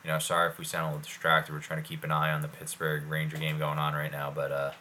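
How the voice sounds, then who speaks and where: A man's voice: a bass voice, completely flat delivery, fast, pushed and bright, slight background noise. A man co-hosting a casual sports podcast, rambling with lots of fillers. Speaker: podcast co-host.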